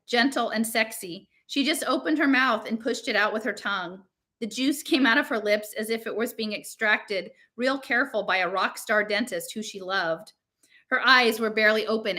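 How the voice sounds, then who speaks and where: A woman's voice: a little high, pushed and bright. A woman reading a novel aloud, narrating casually in teen slang. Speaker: reader.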